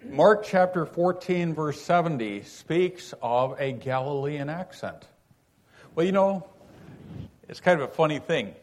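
A man, raised in California, teaching a Bible passage in an unhurried, folksy sermon full of "you know" asides. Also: a little high, animated. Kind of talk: conversational sermon.

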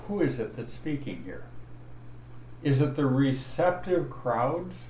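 A man preaching an expository Bible sermon, teaching slowly and deliberately and stressing each verse he points to. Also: mid-range voice, sing-song, darkish tone. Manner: slow, deliberate teaching with emphatic verse references. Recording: echoey room, voice from afar, faint noise.

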